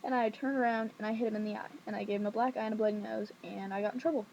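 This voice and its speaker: A young woman vlogging from home at night, telling a childhood story in a rambling, sassy, animated way. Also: medium pitch, very fast, creaky, a little hiss or hum. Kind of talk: casual storytelling to camera. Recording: dull lo-fi webcam audio.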